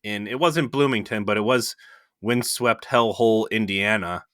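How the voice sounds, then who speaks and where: A man's voice: on the low side, moderate pace, a bit bright, dry recording, clean studio sound. A man co-hosting a podcast in casual, joking chat, talking through a cold with rambling asides. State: has a cold. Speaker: podcast co-host.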